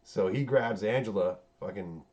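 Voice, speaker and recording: A low-pitched man talks through a podcast recap in an easygoing, rambling way, swearing often and dropping plenty of "uh"s. The recording sounds dull and muffled, like a lo-fi home setup. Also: normal speed, darkish tone. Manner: loose, rambling, heavy on swearing and fillers. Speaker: podcast host recapping a TV series. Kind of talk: casual chat.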